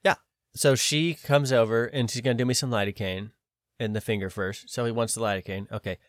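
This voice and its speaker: A man's voice: mid-range voice, steady tone, fairly quick, no echo, clean studio sound. A man on a podcast telling a long story in a casual way, quoting other people in his own voice and swearing now and then. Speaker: podcast host.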